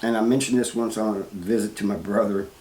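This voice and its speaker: A man telling his own story in a plain, halting way, full of restarts and "you know.". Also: on the low side, steady tone, darkish tone. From Missouri, US. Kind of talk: first-person storytelling. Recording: roomy, with faint background noise.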